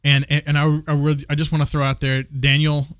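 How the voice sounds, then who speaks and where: A man's voice: on the high side, monotone, fast, fairly bright tone, no echo, clean studio sound. A man co-hosting a casual Christian discussion podcast, earnest, often repeating words as he searches for what to say. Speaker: podcast co-host.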